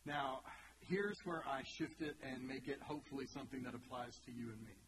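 A middle-aged American man hosts a video reaction, chatting enthusiastically before drifting into a preachy, churchy call-and-response style. His mid-range voice is brisk, and there's loud noise in the background.

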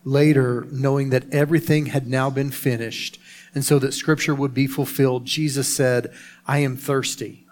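A man reading Bible passages aloud to a congregation. His reading is steady and measured, in a mid-range voice. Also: medium pitch, a little hiss or hum. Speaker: pastor reading scripture. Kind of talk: scripture reading.

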